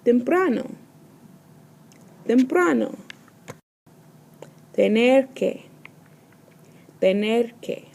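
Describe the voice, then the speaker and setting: A woman teacher runs a vocabulary pronunciation lesson, saying each word slowly and carefully and repeating it twice. Her voice is fairly high, animated, creaky, and a little mellow.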